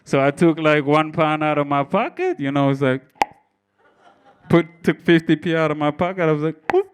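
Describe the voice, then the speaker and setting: Guy doing stand-up on a club stage, swears a lot, clear smooth voice, pitch a bit high. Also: moderate pace. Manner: brash, profane storytelling, bantering with the crowd. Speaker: stand-up comedian. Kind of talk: stand-up comedy set with crowd work. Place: comedy club stage before a live audience.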